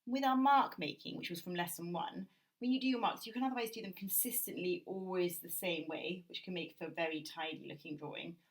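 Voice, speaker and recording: A British woman, her voice sitting a little low, talks through a drawing demonstration indoors at a table. She explains gently and thinks aloud as she works, like an art teacher guiding a class at home. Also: brisk, low-quality recording. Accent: British English.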